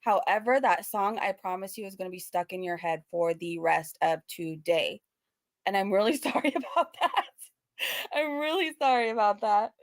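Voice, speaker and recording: A woman's voice: medium pitch, animated, moderate pace, dry recording, studio quality. A woman hosting a casual reaction commentary, sarcastic and laughing between remarks, with a self-described valley girl sound. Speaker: reaction channel host.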